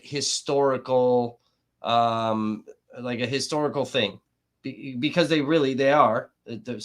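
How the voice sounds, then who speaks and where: A man hosting a livestream, talking casually and ranting angrily with heavy swearing. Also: medium pitch. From Milwaukee area. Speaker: livestream host. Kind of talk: profane livestream commentary.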